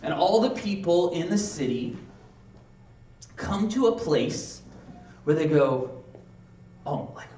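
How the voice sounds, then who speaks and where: A man preaching a sermon in a casual, conversational way, acting out quick playful asides. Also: fairly high pitch, expressive, dark tone. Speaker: pastor. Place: church sanctuary. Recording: echoey room, mic from a distance.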